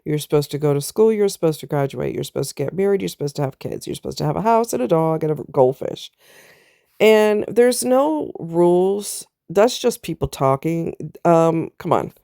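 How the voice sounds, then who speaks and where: A woman's voice: low voice, expressive, moderate pace, creaky, warm tone, no echo, studio quality. A middle-aged woman telling a personal story in a candid, casual vlog, speaking straight to her viewers. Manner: candid, talks straight to viewers with southern US slang. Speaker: vlogger.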